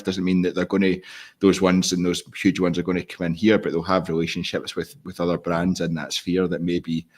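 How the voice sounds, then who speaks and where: Male podcast host, very deep and even, casual football talk with restarts. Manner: steady, leads discussion with restarts.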